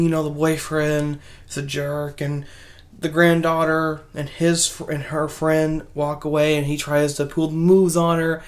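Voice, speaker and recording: A woman casually retelling a horror film's plot, rambling, with many restarts and asides. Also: deep voice. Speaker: movie reviewer. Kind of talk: casual spoken movie recap.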